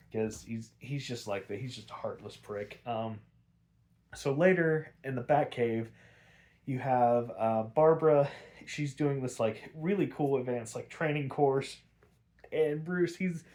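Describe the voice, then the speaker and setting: A man's voice: mid-range voice, darkish tone. A man hosting a podcast, casually recapping an episode in a rambling way with lots of fillers and easy swearing. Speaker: podcast host.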